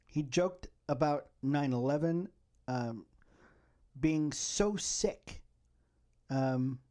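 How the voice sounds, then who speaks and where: With a warm, fairly high voice, a man rambles through his solo political commentary podcast. He keeps checking in with his listeners by asking "okay?"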